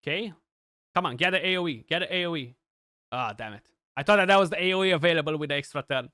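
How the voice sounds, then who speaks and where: A young man giving chatty, excitable live commentary on his gameplay, with many restarts and fillers. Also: a little high, quick pace, clean tone, no room sound, studio quality. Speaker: gaming streamer.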